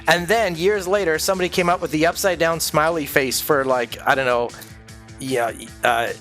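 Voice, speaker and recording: A man with a fairly high voice rambles through a casual stream chat. He swears freely and laughs as he talks. Quiet music plays underneath. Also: fairly even intonation, moderate pace. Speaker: streamer host.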